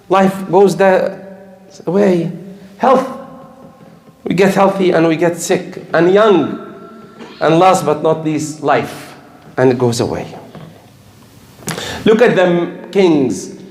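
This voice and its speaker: Older male preacher, high-pitched, emphatic and repetitive, roomy echo. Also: darkish tone. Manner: earnest, repetitive, emphatic, with slips. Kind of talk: sermon. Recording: echoey room.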